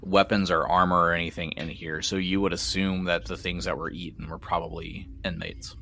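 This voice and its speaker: A man's voice: sits low, level tone, gravelly, sharp tone, slight background noise. A man running a tabletop game as game master, narrating in a laid-back way. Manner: slow, laid-back, laughs easily.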